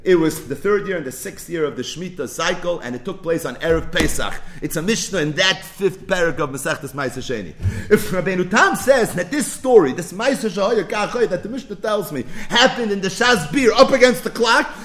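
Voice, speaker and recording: Man teaching a daily Talmud class, animated and questioning, fairly high voice, roomy echo. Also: a little fast, few pauses. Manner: animated, questioning, mixing Hebrew and Yiddish terms.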